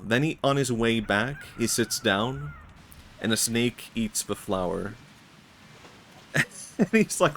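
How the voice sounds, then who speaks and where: A man's voice: medium pitch, moderate pace, fairly bright tone, slight background noise. A young man streaming, talking in a rambling, reflective way with many fillers and frequent laughs. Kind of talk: casual stream chat.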